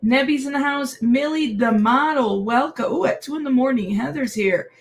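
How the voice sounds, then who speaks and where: A woman's voice: sits high, moderate pace, a little hiss or hum. A tired woman hosting a casual livestream and greeting viewers by name. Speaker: livestream host.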